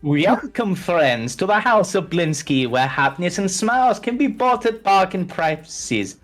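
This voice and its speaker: A man's voice: sits high, expressive, unhurried. A man voicing an eerie, cheerful male toymaker with sing-song salesman patter and broken phrasing. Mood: welcoming.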